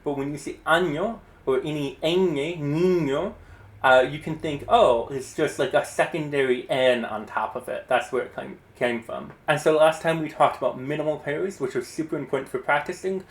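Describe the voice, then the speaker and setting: A man with a voice a bit higher than most explains language rules in a relaxed, chatty, encouraging way. His casual lesson is recorded in an echoey room. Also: moderate pace. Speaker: Spanish teacher.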